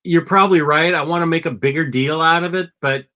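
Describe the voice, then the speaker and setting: Blunt man with a bright, sharp voice. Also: on the high side, fairly quick. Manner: blunt and opinionated, with frequent ums. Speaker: podcast co-host. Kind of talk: casual comic book chat.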